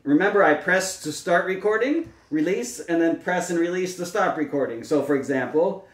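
A speech-language pathologist, a man with a slightly high voice, walks through a demonstration step by step, patient and full of small fillers. He sits back from the microphone, and the room adds a noticeable echo. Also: normal speed. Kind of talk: instructional demonstration. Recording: roomy, mic at a distance.

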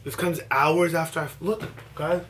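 Late at night at home, a young man records an excited selfie vlog, just woken up and overwhelmed, teary and breathless with disbelief. His voice is fairly high and a bit bright, with a steady tone at normal speed, and there is slight background noise.

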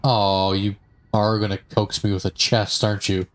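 A man's voice: on the low side, little pitch movement, normal speed, a little hiss or hum. A man chatting casually as he plays a game, rambling through stories with lots of fillers and asides. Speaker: gaming streamer. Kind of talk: casual gameplay commentary.

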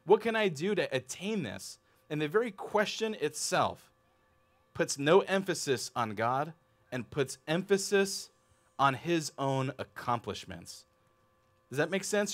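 A man in his thirties preaching a sermon in a church, animated and conversational, often asking the congregation questions. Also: fairly high pitch. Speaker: pastor.

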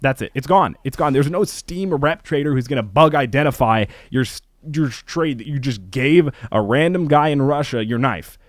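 A gaming YouTuber ranting in casual commentary, animated, laughing often and swearing while acting out what others say. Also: male voice, medium pitch, normal speed, no room sound, clean studio sound.

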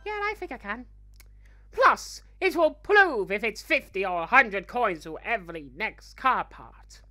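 A man's voice: high-pitched, expressive, measured pace, pushed and bright, faint music behind, full character voice. A man voicing a cocky, greedy young male villain, chatting boastfully through in-character gameplay commentary. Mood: playful. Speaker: fan voice actor playing a character.

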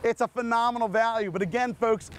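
A man giving an energetic, repetitive hard-sell pitch outdoors at a car lot. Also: fast talker, a little hiss or hum. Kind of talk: live sales pitch.

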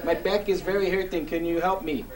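A man doing a whiny foreign comedian with a sore back, pleading in broken English and pitched a touch high. The voice sits a little away from the mic. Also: fairly even intonation, takes it slowly, a little mellow, distant mic. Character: foreign-accented male comedian with bad back.

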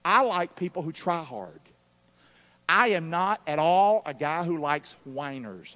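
A man preaching a live sermon, calling out for responses from the congregation and swinging between loud and hushed. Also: a little high, lively intonation, measured pace. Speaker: pastor. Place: church sanctuary during a live service. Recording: long hall reverb of a church.

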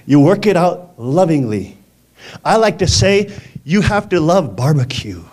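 A man preaching a lively sermon in a conversational way, often laughing and asking the congregation questions. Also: on the high side, takes it slowly.

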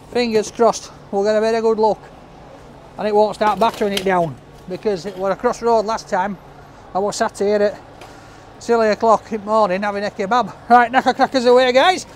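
A man's voice: sits high, fairly even intonation, moderate pace, long pauses, slight background noise. A middle-aged man with a Yorkshire accent, chatting casually as he reviews a takeaway, jokey and friendly. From Sheffield, England. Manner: chatty and jokey, calls people love. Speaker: food reviewer. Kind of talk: casual food vlog. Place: takeaway shop and street outside.

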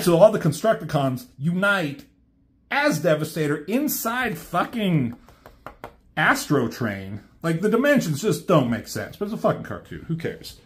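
A man's voice: medium pitch, lively intonation, normal speed, a bit bright. A man, a reviewer, casually retelling a cartoon plot in a rambling, offhand way with swearing.

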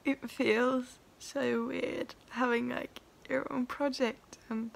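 A woman's voice: on the high side, level tone, slow pace, creaky. A young woman vlogging about her first song, tearful and laughing, overwhelmed with emotion. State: crying. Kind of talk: emotional personal vlog.

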